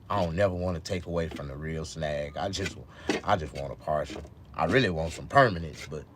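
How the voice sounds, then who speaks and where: A man with a deep, low voice rambles through a casual live stream. His words come out loose and slurred from missing teeth, and he swears freely. He swings between low mumbles and loud, excited outbursts over faint background noise.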